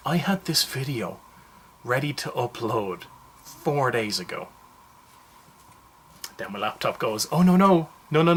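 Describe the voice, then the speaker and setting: A man giving a casual, jokey movie review, telling the story in a rambling, animated way. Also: medium pitch.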